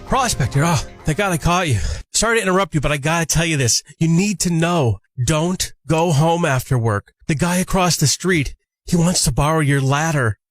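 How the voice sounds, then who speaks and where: A man's voice: on the high side, lively intonation, normal speed, soft background music. A man voicing a frantic man back from the future, giving breathless urgent warnings in a radio comedy bit.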